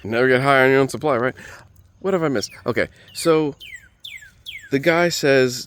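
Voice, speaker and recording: A man's voice: medium pitch, normal speed, long pauses, a bit bright. A man who is a comedian telling a rambling, self-mocking story, with frequent digressions and profanity.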